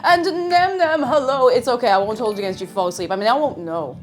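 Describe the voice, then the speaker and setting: A bubbly woman streamer chatting from her kitchen, her high voice bouncing up and down with lively swings. She greets viewers one after another in a playful, silly way, with soft music running behind her. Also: fast talker. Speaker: livestream host. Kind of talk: casual chat with live viewers. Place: home kitchen.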